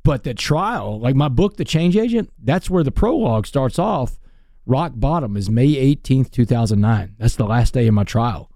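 A man telling his life story as a guest in an interview, in an earnest, animated way. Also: mid-range voice, normal speed, dry recording, studio quality.

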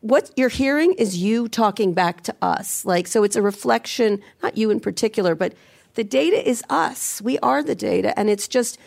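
A middle-aged woman hosting a podcast, blunt and teasing, talking fast about tech in casual banter. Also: a little high, lively intonation, vocal fry, darkish tone. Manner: blunt, teasing, rapid-fire. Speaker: podcast host.

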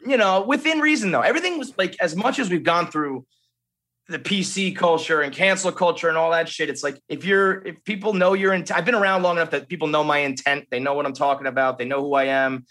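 A man's voice: a little high, a little fast, bright, forceful tone. A man as a podcast guest in casual chat, telling rambling stories with plenty of swearing. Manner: profane, rambling storyteller.

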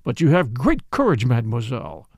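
A man's voice: medium pitch, wildly swooping pitch, a little fast, darkish tone, slightly rough, no echo, voice pushed down, full character voice. A man voicing a police commissary who speaks in a soothing, apologetic and formal way in an audiobook.

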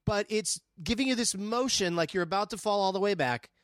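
Laid-back chuckling man, slightly high. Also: a little fast, no echo, studio quality. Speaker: comedian guest. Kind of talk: casual chat.

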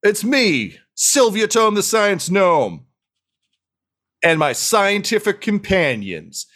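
A man's voice: high-pitched, very animated, slow, a bit bright, voice pushed up, full character voice. A man voicing a theatrical, self-important female gnome scientist who makes dramatic proclamations. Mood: grandiose.

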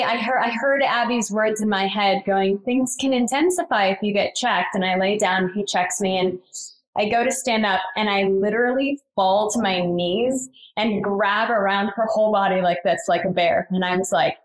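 A woman in her thirties telling her birth story in casual conversation, full of fillers and lively quoted lines. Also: moderate pace, poor audio. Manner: animated, acts out quoted lines with higher pitch, frequent fillers.

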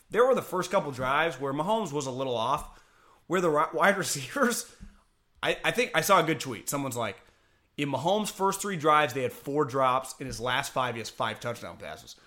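A man talking sports in a casual, rambling, animated way, laughing and swearing as he goes. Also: on the high side.

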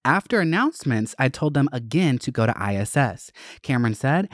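A young adult vlogger telling a school story in a profane, animated, gossipy way. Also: mid-range voice, normal speed, few pauses. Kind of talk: casual storytelling.

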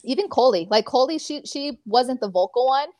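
A woman in her twenties from California, an athlete chatting casually as an interview guest, talking in animated stories full of fillers. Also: high-pitched, normal speed, dry recording, clean studio sound.

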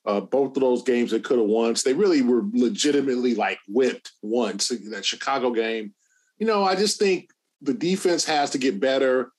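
A man co-hosting a sports podcast, talking in a measured, analytical way and stretching some words. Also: mid-range voice. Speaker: podcast co-host.

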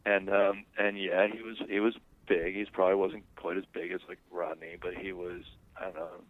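A man's voice: low voice, level tone, normal speed. A man telling a personal story to an interviewer in a rambling, conversational way, heard over a phone line. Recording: dry, tinny phone line.

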